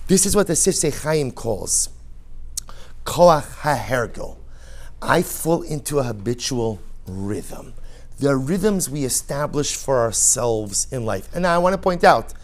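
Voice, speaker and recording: A man, a rabbi giving an animated sermon, asking rhetorical questions and weaving in Hebrew phrases. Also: on the high side.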